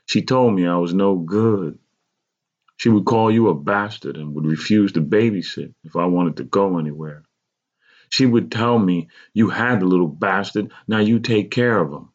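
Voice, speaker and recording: Male reader voices a pained, pleading mother, pitched well up from his own voice, on a dull lo-fi recording. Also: lively intonation, normal speed, gravelly. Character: pained, regretful mother recalling a hard youth.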